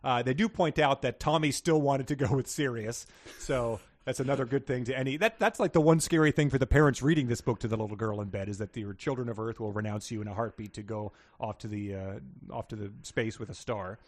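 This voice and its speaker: A man's voice: mid-range voice, a little fast, few pauses, a little mellow. A man co-hosting a casual book podcast, rambling and hesitant, often joking at his own expense. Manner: rambling, hesitant, self-deprecating. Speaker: podcast co-host.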